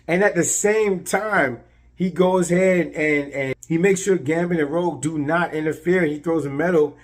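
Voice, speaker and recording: A man at an ordinary, middle pitch gives a loose, excited spoken recap of a superhero episode. He talks in a casual way, doubles up on words and leans on fillers as he goes. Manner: animated, repeats words, many fillers. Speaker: show reviewer.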